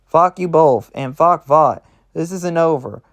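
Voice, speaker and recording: A man's voice: a little high, measured pace, voice pushed up, natural voice. A man voicing a defiant, cornered woman superhero who snarls and swears.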